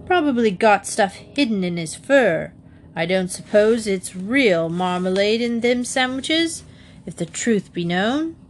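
A woman voicing a gruff, pompous male doorman who blusters with suspicion, in a read-aloud storybook. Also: medium pitch, animated, measured pace, slight background noise, natural voice. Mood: blustering.

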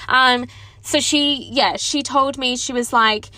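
A woman's voice: high voice, fairly even intonation, takes it slowly, pushed and bright. A woman in her twenties telling a personal story to her viewers, chatty and candid, with lots of "like" and self-mocking laughs. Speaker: vlogger.

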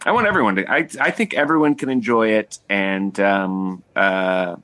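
A man's voice: lowish voice, moderate pace, sharp tone, no room sound. A man, an actor guest on a podcast, talking casually in a rambling, self-mocking way. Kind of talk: casual interview chat.

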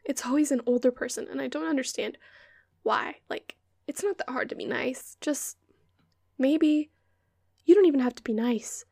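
A woman's voice: high-pitched, normal speed, creaky, darkish tone, no room sound, clean studio sound. Profane young woman ranting into a mic. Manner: profane, sarcastic, drifts into whispers. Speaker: podcast host. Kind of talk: casual ranting monologue. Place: hot bedroom at home. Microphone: close-up microphone.

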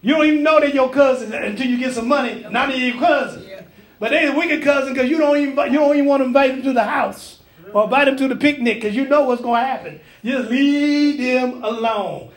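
High-voiced man preaching in an echoey church. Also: quick pace. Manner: emphatic, folksy preaching with call and response. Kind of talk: sermon.

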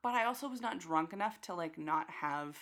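A young woman in casual chat, telling a story in an animated way, acting out quotes and swearing freely. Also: lowish voice, a little fast.

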